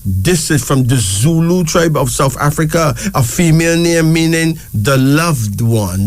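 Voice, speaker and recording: A man hosting a casual talk show, slowly spelling out each name letter by letter and repeating words for emphasis. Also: a little high, lively intonation, no echo. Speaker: show host. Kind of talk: casual talk presenting names.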